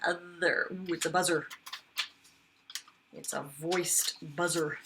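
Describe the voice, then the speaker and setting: A kindergarten teacher, a woman, sounding out words slowly and with exaggeration for young children in a phonics lesson. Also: deep voice, steady tone, fairly bright tone, slight background noise.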